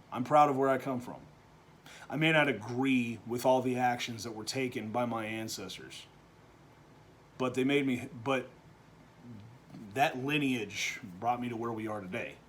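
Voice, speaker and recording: Man, halting opinion monologue. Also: slight background noise. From Texas. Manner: halting, with frequent restarts and repeated words; swings between low, quiet stretches and loud, animated bursts. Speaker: vlogger.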